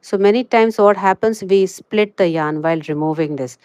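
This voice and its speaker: This crochet livestreamer talks her viewers through a live lesson, padding her chatty pauses with "you know." She has a mid-range, slightly mellow voice, and the sound is clean with no echo.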